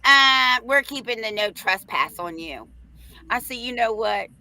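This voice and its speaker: A middle-aged woman hosting a livestream, telling a story in a brash, profane, animated way. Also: a little high, measured pace, rough recording. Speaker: host.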